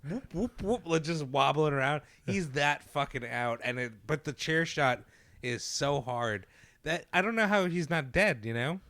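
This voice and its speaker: A man's voice: a little high, measured pace, a bit bright, no room sound. Young guy cracking jokes on a podcast, dry close mic, just chatting. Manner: wisecracking, joking asides, swears. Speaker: podcast co-host. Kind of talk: casual podcast chat.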